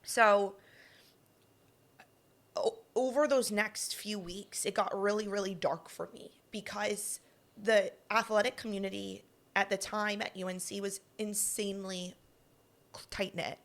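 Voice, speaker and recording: A woman's voice: medium pitch, slow pace, gravelly, pauses often. A young woman co-hosting a podcast, telling a personal story casually and acting out the voices she quotes. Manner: animated, acts out quoted lines. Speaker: podcast co-host.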